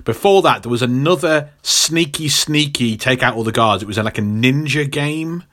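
A man co-hosting a casual podcast, telling stories in an animated, jokey way. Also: medium pitch, moderate pace. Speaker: podcast co-host.

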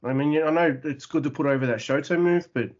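A man co-hosting a casual wrestling recap podcast, animated and quick to laugh. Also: on the high side, highs cut off. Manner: animated, mimics wrestlers with loud yelps and laughs. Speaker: podcast co-host.

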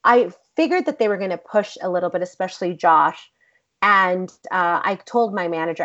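A woman and actress, the guest in an interview, telling a story in a blunt, profane, animated way. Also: lowish voice, moderate pace. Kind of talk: casual storytelling. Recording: dull lo-fi recording.

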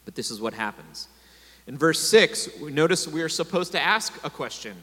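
A man's voice: fairly high pitch, expressive, moderate pace, fairly bright tone. A man preaching a sermon to a congregation, telling stories and calling for responses. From America. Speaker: pastor. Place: congregation hall. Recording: long hall reverb.

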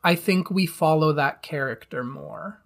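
Podcast co-host, mid-pitched voice, eager fanboy energy, casual chat. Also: a little slow, creaky. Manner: enthusiastic fan, laughs along.

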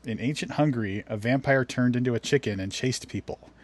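Guy running a podcast quiz, teases a bit and drops hints, average-pitched voice. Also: a little fast. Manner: teasing, gives hints, reads tweets aloud. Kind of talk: casual chat, quiz hosting.

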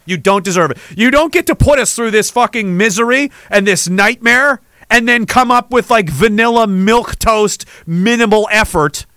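A man ranting on his podcast. His voice sits high and sounds bright and sharp. He is angry, sarcastic and swears freely, and the sound is dry and close. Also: normal speed, few pauses, no room sound. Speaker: podcast host.

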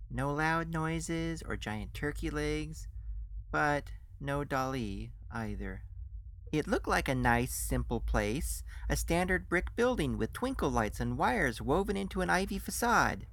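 A man's voice: a little high, expressive, measured pace, fairly bright tone. A man narrating a story in the first person in a dry storytelling manner. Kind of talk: scripted audiobook narration.

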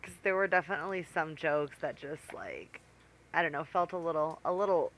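A woman co-hosting a podcast in casual, excitable chat. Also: low-pitched, a little fast, poor audio. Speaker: podcast co-host.

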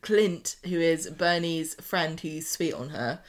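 A woman's voice: deep voice, slow pace. A woman co-hosting a podcast, recapping soap plots in casual chat and acting out characters' lines. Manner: animated, acts out characters' lines. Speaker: podcast co-host.

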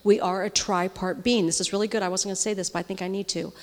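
A woman's voice: medium pitch, steady tone, fast talker. A middle-aged woman preaching to a room of women in a conversational way. She often checks in with the audience and drops to a near-whisper when moved. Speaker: women's ministry speaker. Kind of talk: sermon. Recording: long reverb of a large hall.

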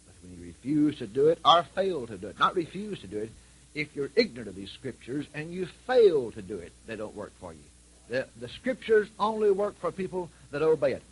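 A man's voice: a little high, big pitch swings, fairly quick, husky, low-quality recording. A male preacher delivering a sermon with folksy, repetitive storytelling and emphatic lines.

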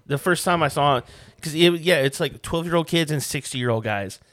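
A man with a somewhat raised pitch, joking and swearing through a casual podcast chat. The sound is dry and close, with no room echo. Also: brisk, a bit bright. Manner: laughing, profane banter.

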